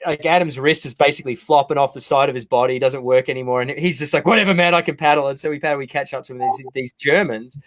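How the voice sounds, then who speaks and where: Host, male, animated storyteller, dry studio sound. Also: medium pitch, fast talker, few pauses, no echo. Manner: animated anecdote-telling. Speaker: podcast host. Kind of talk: casual interview chat.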